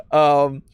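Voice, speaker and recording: A man co-hosting a casual podcast chat, excitable, swearing freely and laughing often. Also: very high-pitched, no echo, studio quality. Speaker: podcast co-host.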